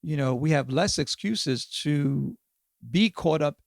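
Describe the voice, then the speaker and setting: A gravelly, slightly high-voiced man in his fifties speaks slowly in a dry, clean studio recording. He's an author appearing as a podcast guest in a casual interview, reflecting on his experiences and often checking in with "right?" and "you know."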